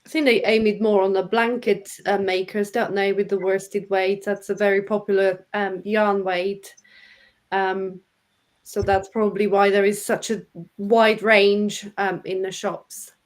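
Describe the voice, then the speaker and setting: A woman's voice: medium pitch, flat delivery, measured pace. A woman co-hosting a live online Q&A, thoughtful and explaining step by step with the odd um. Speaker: co-host.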